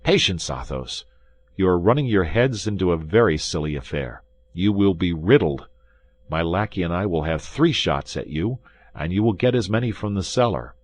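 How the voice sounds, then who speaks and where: A man's voice: sits low, lively intonation, normal speed. A man voicing a bold young male swordsman from a classic adventure audiobook, firm and commanding with a raised voice.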